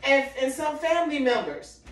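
A middle-aged woman talks straight to her viewers, upset and impassioned. Her voice sits a little high and goes soft and low when she recalls old hurts. A faint background noise runs under the recording. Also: big pitch swings, moderate pace. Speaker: vlogger. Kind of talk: emotional commentary vlog.

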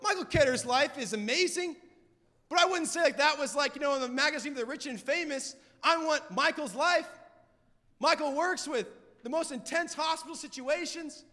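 A young man preaching a sermon with fervent, emphatic delivery and shouted peaks. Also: extremely high pitch, fairly quick. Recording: long hall reverb.

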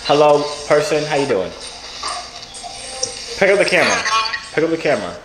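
Loud teasing man in his twenties. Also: a little high, big pitch swings, normal speed. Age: 20s. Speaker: vlogger. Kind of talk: casual random video chat. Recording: echoey with loud noise.

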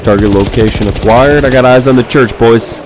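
A man's voice: mid-range voice, normal speed, noisy background. A man giving joking, playful commentary while playing a war game, calling his audience boys. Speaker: gaming commentator. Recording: game battle sounds behind.

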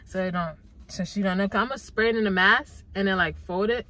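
A woman's voice: medium pitch, brisk, bright, forceful tone, low-quality recording. A young adult woman talking casually and playfully to her viewers in a vlog, with lots of slang and swearing. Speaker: YouTuber.

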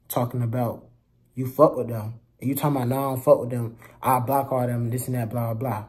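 Heated young man with a dark voice. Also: mid-range voice. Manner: heated, slangy, profane, addresses viewers directly. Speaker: vlogger telling a story. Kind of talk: casual storytime rant.

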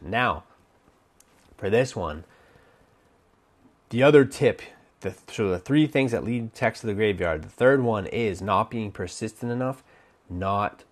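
A man coaching on dating, giving casual advice while thinking aloud, with many restarts and fillers. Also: deep voice. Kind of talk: casual instructional talk.

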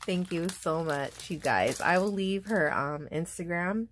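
Speaking a little slowly with few pauses, a young woman with a fairly low voice chats casually while unboxing craft gifts for her vlog. Gushing and filler-heavy, she ends up in happy tears over steady background noise.

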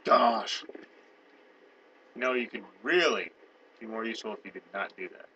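A man's voice: lowish voice, moderate pace, sharp tone, highs cut off. A young man playing a co-op video game, grumbling and exasperated, on a headset mic. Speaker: co-op gameplay commentator. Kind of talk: casual let's play chat. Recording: noisy game audio behind.

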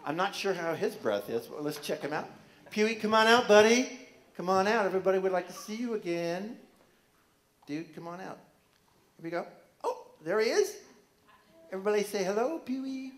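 A man's voice: high voice, expressive, normal speed, long pauses. A man performing a children's concert with guitar, singing and asking the kids playful questions. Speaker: children's singer-songwriter and guitarist. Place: library room with an audience of children. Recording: echoey room, loud guitar playing. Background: acoustic guitar.

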